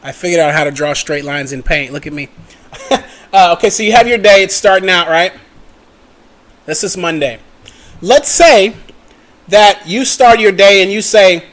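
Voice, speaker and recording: A man's voice: sits high, normal speed, long pauses, fairly bright tone. A young man giving a casual screen-share trading lesson, chatty and checking in with the viewer often. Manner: chatty, checks in with "okay?" and "right?" often, mutters at his computer. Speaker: trading educator.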